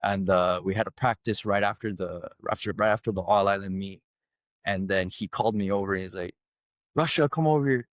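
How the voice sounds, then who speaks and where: A man guest on a podcast telling a personal story in a casual, animated way, often adding "right?". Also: deep voice, a little fast, no echo, clean studio sound.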